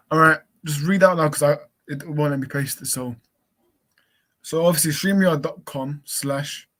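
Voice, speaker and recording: A man on a casual live stream, talking slowly and unhurriedly into a computer mic. He keeps calling out to his missing co-host and spells a link out letter by letter. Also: a little high, fairly bright tone. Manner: calls out repeatedly, spells slowly. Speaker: livestream co-host.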